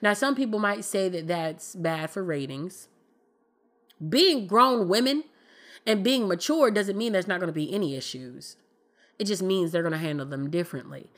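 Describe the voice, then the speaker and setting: A woman's voice: fairly low pitch, lively intonation, moderate pace, a bit bright. A woman hosting a podcast, giving her candid, emphatic opinions in a casual conversational style with colloquial speech. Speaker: podcast host.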